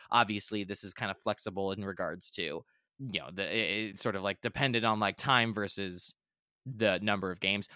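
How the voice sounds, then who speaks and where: A man's voice: on the low side, fairly bright tone, dry recording, clean studio sound. A man co-hosting a gaming podcast, talking casually and enthusiastically, often restarting and correcting himself. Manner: rambling, self-correcting, enthusiastic. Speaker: podcast co-host. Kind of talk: casual chat.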